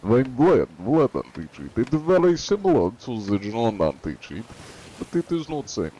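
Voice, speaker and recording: A man putting on a gruff Russian inspector. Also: medium pitch, big pitch swings, normal speed, mellow, a little hiss or hum, voice pushed up, lightly acted, poor audio. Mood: stern. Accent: put-on Russian. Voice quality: broken English, stern.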